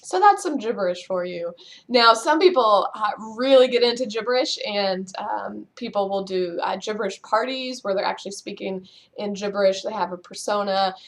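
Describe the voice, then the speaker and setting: A middle-aged woman chats her way through a laughter yoga lesson at home, playful and loose, with plenty of fillers and laughs. Her voice sits at an ordinary middle pitch and is recorded close on a home camera. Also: normal speed. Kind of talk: casual instructional video. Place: at home, just woken up.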